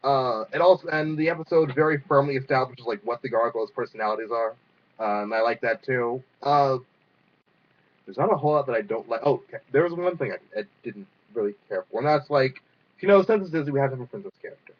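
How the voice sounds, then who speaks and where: A man's voice: mid-range voice, quick pace. A young man casually reviewing a cartoon episode, rambling with lots of fillers and the odd swear word. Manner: rambling, filler-heavy, profane. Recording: dull lo-fi sound.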